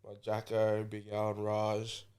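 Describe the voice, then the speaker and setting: A man's voice: fairly low pitch, completely flat delivery, measured pace, a little mellow, clear, resonant tone. A young Australian man on a podcast, rambling through stories with plenty of swearing. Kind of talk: casual chat.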